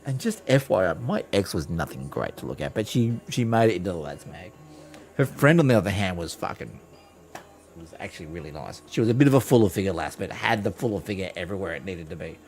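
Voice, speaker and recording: A man's voice: sits low, lively intonation, fast, darkish tone, soft background music. A man streaming live, telling a rambling, profane story with lots of restarts. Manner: rambling, swears freely, restarts a lot. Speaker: game streamer.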